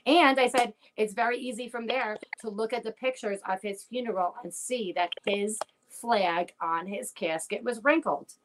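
This woman's voice is a little high, her pace normal, with few pauses. Chatting casually, she tells a profanity-laden story full of quoted exchanges, recorded with noise and clicks.

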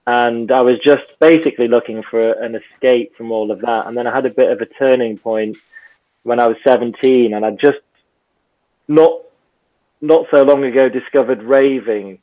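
A man muses aloud as a podcast guest. His voice comes through a narrow, phone-like remote line. He hedges each thought with soft fillers. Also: mid-range voice, steady tone, moderate pace. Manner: thoughtful, hedging with "kind of" and "you know". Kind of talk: reflective conversation.

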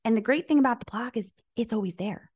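A middle-aged woman with a slightly high voice speaks as a business coach and podcast guest. She talks in an easy, conversational way. She acts out the dialogue of people in her stories. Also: fast talker, breathy edge. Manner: animated storyteller, acts out quoted dialogue. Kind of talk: conversational interview.

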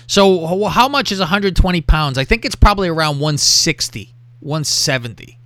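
A man's voice: on the high side, normal speed, slight background noise. A man hosting a podcast, telling a crude story with lots of swearing and acting out what people said. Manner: profane, animated, acts out quotes. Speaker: podcast host.

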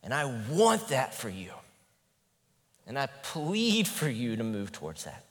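A man's voice: medium pitch, huge pitch swings, unhurried. A male pastor preaching a conversational sermon, earnest and candid, his voice sometimes breaking with emotion. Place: church sanctuary. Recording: long reverb in a large hall.

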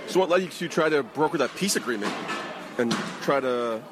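A man's voice: mid-range voice, expressive, a little fast. A man interviewing a wrestler after a show, joking and asking playful questions. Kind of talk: casual post-show interview. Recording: noisy crowd outdoors.

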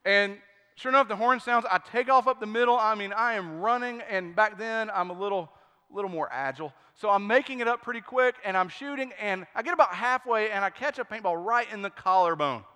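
A man pastor preaching a sermon, telling stories with lively acted-out quotes. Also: high-pitched, fairly quick, clear, resonant tone, in a large hall. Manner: storytelling, animated, acts out quotes. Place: church sanctuary.

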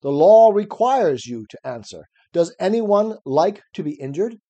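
A man's voice: high-pitched, sing-song, unhurried, mellow, highs cut off, full character voice. A man reading aloud as an elderly male philosopher defending himself at trial, ironic and probing. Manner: cross-examining, probing, ironic. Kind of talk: reading a classic dialogue aloud.

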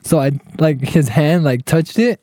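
A man's voice: a little high, unhurried, background noise. A young man casually telling a profane story to friends, acting out what everyone said. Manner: profane, animated, acts out quotes.

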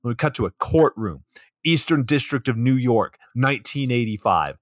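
A man's voice: medium pitch, animated, normal speed, dry recording, clean studio sound. A man co-hosting a podcast, recapping a movie in a crude, sarcastic way. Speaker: podcast co-host. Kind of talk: casual comedic movie recap.

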